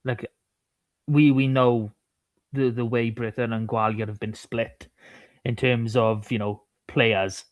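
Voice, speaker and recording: A man's voice: mid-range voice, fairly even intonation, no echo. Joking man, dry sound. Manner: jokey, quick banter. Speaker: podcast co-host. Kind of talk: casual sports chat.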